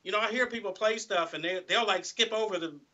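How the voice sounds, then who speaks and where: A man with a fairly high, bright and forceful voice talks loosely in a casual interview. He rambles, restarts and leans on "you know" again and again. His audio comes through dull and lo-fi. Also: fast. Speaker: guest guitarist.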